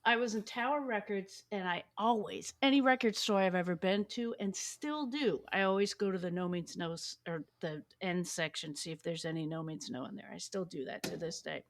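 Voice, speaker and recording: A woman's voice: fairly low pitch, normal speed, few pauses. A woman hosting a podcast, chatting casually and enthusiastically about a favorite band, swearing freely and often restarting her sentences. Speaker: podcast host. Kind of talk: casual music chat.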